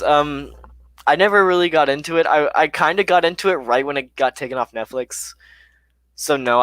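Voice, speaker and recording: A young man hosting a live stream, reading viewer questions from the chat aloud and answering them in a relaxed, chatty way with plenty of fillers. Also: mid-range voice, dry recording.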